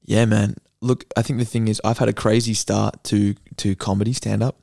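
A young man, a new comedian, talking earnestly and excitedly in a casual podcast chat, often restarting his sentences. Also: on the low side, moderate pace, vocal fry, dry recording, clean studio sound. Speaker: guest comedian.

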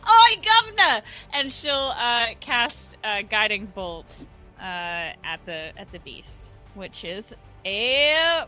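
A woman playing a tabletop game, excitable and hesitant, with many fillers. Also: mid-range voice, takes it slowly, faint music behind. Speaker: player. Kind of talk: casual tabletop play.

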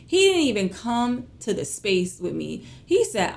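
A woman speaks straight to her viewers in a casual storytelling vlog. Her voice sits at a middle pitch. It rises and falls sharply as she relives the story, in loose, everyday phrasing. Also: a little slow, gravelly. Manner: emotional, animated retelling with big pitch swings; conversational, colloquial phrasing. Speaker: small business owner.

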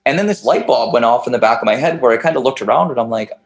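A man's voice: medium pitch, racing, poor audio. Rambling, casual-talking man. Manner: rambling, frequent restarts and fillers, casual swearing. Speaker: podcast guest. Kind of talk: casual storytelling chat.

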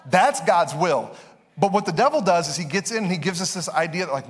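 A young man preaching a sermon in a relaxed, conversational way, mixing Bible reading with quick personal stories. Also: sits high, breathy edge. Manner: conversational, storytelling with quick asides. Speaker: pastor. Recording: long reverb in a hall.

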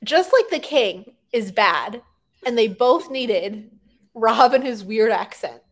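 A woman co-hosting a casual chat, talking quickly with laughing asides. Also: a little high, animated. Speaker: podcast co-host.

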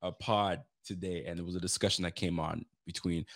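Fast-talking, low-voiced male podcast guest. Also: pushed and bright, no echo, clean studio sound. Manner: quick, loose, filler-heavy talk. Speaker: guest co-host. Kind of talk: casual podcast chat.

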